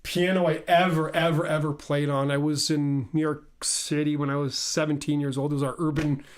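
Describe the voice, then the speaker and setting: A middle-aged man, a guest pianist, telling stories in a casual interview, animated and laughing, often repeating his words. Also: a little high, a little fast, a little hiss or hum.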